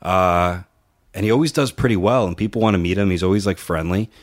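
A man with a fairly low voice spins casual podcast stories. He acts out other people's lines as he goes and swears freely. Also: fairly quick. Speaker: podcast co-host and wrestling promoter.

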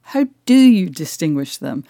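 A woman's voice: sits low, big pitch swings, measured pace, vocal fry, dark tone, no echo, studio quality. A woman interviewer asking curious, long, winding questions in a conversation.

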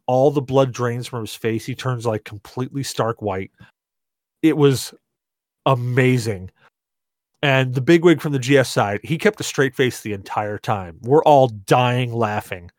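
A man hosting a podcast, tipsy from rum, telling a story in an animated, laughing way and swearing a lot. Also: medium pitch, no echo, clean studio sound. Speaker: podcast host. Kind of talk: casual storytelling chat.

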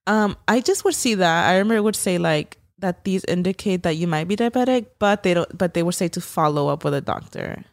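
A woman's voice: on the low side, animated, a little fast, hardly any pauses, dry recording, clean studio sound. A young woman co-hosting a podcast, chatting casually with lots of fillers and swearing. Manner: swearing, filler-heavy, giggly. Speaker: podcast co-host. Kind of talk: casual chat.

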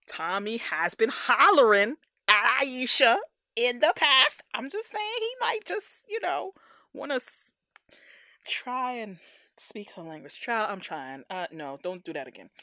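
A woman in casual podcast chat, animated and slangy, often acting out characters' lines. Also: on the high side, no echo, clean studio sound. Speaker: podcast co-host.

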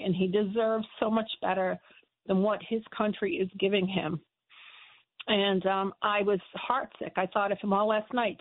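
A woman calls in to a radio show, speaking softly and with heartfelt feeling. Her words come haltingly, filled with small pauses. The sound is thin and tinny, as if over a phone line. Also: mid-range voice, no room sound. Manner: heartfelt, soft, many "um"s. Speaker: caller. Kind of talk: call-in radio. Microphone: telephone.

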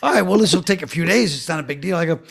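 A man, a guest comedian, telling a story in casual talk and quoting others in a flat, low voice. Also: rapid-fire, creaky, very noisy.

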